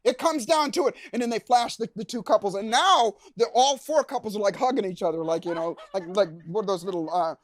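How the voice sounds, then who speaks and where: A man giving a motivational seminar talk to a live audience, animated, asking the crowd questions and acting out reactions. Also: sits high, fast, few pauses, dry recording. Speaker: keynote speaker.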